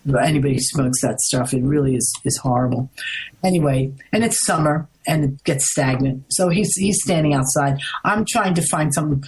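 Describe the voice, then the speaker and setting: A middle-aged woman from the United States, a guest in an interview, telling a story in an animated, rambling way, restarting often. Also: sits low, moderate pace, rough recording. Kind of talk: casual storytelling.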